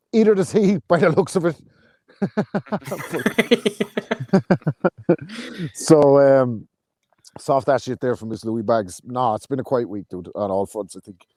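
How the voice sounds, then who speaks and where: A man's voice: medium pitch, slow pace, long pauses, a little mellow, dry recording, studio quality. A man co-hosting a podcast, bantering and laughing often. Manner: laughing, jokey. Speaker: podcast co-host. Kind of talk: casual banter.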